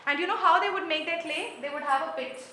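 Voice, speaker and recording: A woman tells a folk tale to children, animated and full of questions for her listeners. Her voice is high and bright. The recording is roomy, with a faint room ambience behind her. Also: fast, slight background noise. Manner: animated, asks the audience questions. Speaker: storyteller. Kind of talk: interactive storytelling for children. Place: performance room with an audience. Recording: roomy hall with light ambience.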